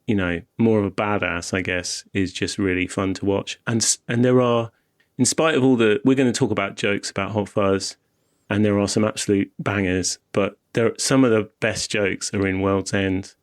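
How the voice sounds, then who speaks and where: A young man from Wiltshire, England, with a mild local accent co-hosts a podcast and chats casually about films. His voice sits on the low side, with fairly even intonation and a moderate pace. He rambles, cuts himself off, and laughs often.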